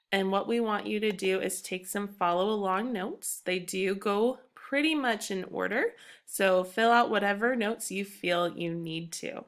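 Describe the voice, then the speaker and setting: A woman's voice: medium pitch, fairly bright tone. A young woman teacher giving an upbeat, emphatic recorded grammar lesson to her class. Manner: upbeat, emphatic classroom delivery, reads examples aloud.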